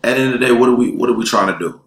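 A man's voice: medium pitch, rapid-fire, fairly bright tone. A man, an elementary school teacher, talking casually as a guest, emphatic and streetwise, speaking in run-on bursts. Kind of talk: casual chat. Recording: roomy echo.

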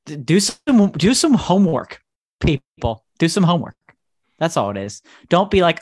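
A man's voice: fairly high pitch, big pitch swings, fairly quick, dry recording, clean studio sound. A man co-hosting a casual chat podcast, ranting with sarcasm. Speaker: podcast co-host.

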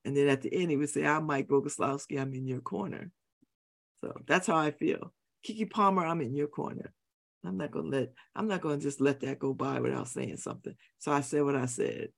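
A woman's voice: rumbling low, gravelly. Woman, radio host, middle-aged, emphatic monologue, repeats key phrases. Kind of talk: opinionated talk radio monologue. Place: radio studio.

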